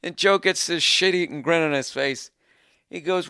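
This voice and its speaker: A man's voice: high-pitched, normal speed, bright, forceful tone, clean tone. Gleeful, profane male storyteller. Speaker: stand-up comedian.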